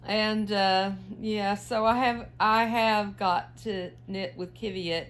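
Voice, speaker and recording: A woman's voice: medium pitch, fairly even intonation, measured pace. A woman, chatting casually to her viewers while she knits, full of fillers and questions and a little tired. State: yawning, tired. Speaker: knitting vlogger. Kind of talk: casual chat while knitting.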